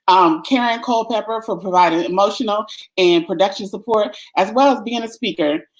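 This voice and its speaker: A woman's voice: medium pitch, normal speed, few pauses, low-quality recording. A woman hosting a livestream summit, giving closing remarks in an effusive, grateful way and laughing often. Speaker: summit host.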